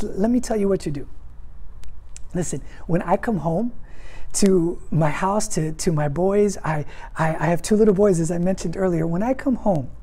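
A male pastor delivers an earnest sermon in a soft, mellow voice that sits fairly high. He presses each point by repeating it and speaks straight to his listeners. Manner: earnest, emphatic preaching with repetition.

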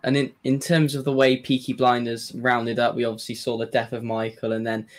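A man's voice: medium pitch, monotone, fairly quick. Podcast host man asking questions. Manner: asks questions, nods along with short fillers. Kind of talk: casual podcast interview.

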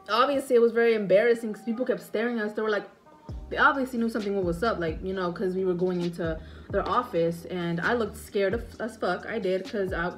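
A young woman telling stories in a casual question-and-answer vlog, rambling with lots of "like" and swearing freely. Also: fairly high pitch. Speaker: vlogger. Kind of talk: casual Q&A story time.

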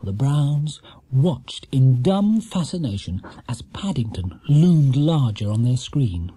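A man narrating a children's storybook in a lively, expressive way. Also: medium pitch, slow pace, husky, dry recording. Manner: lively character-rich storytelling. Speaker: audiobook narrator.

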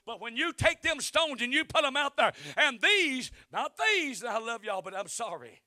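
A man preaching a revival sermon in a church, who climbs to shouting and calls for responses from the congregation. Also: extremely high pitch, big pitch swings, moderate pace, dry recording. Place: church sanctuary.

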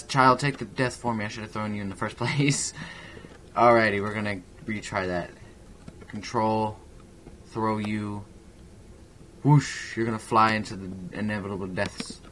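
A man hosting a gaming channel, giving rambling, excitable let's-play commentary from his home computer. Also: on the low side, a little hiss or hum.

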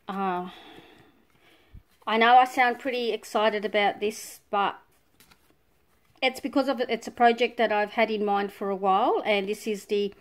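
A woman with an Australian accent, chatting casually as she unboxes scrapbooking supplies, full of delighted exclamations. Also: mid-range voice. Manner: gushing, breathy exclamations of delight. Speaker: scrapbooking vlogger.

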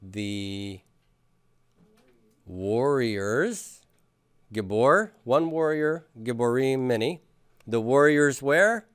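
A Hebrew grammar teacher speaks very slowly with long pauses, animated and clear in a resonant medium-pitched voice, with no room sound. He patiently drills his class, having them repeat after him during a lecture with questions.

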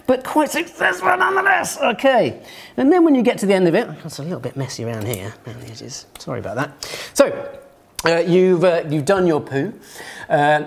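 A man presenting a playful science demonstration, jokey and theatrical, gleefully narrating what he does. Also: high-pitched.

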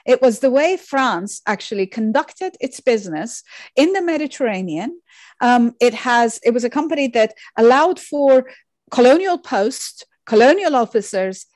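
A woman giving an academic lecture over slides, measured and thoughtful, with frequent fillers and self-corrections. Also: a little high, a little mellow, no room sound. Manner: measured, many fillers and restarts.

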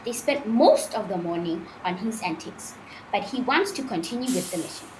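Expressive woman narrator. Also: mid-range voice, moderate pace. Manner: expressive, storytelling. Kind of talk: storybook narration. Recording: roomy sound with faint noise.

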